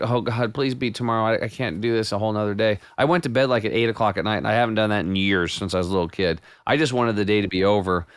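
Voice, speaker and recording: A man guest on a podcast, telling his health story in a casual, animated way with many restarts. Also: medium pitch, clean tone, no room sound, studio quality. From United States. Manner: animated storyteller with frequent restarts and quoted self-talk.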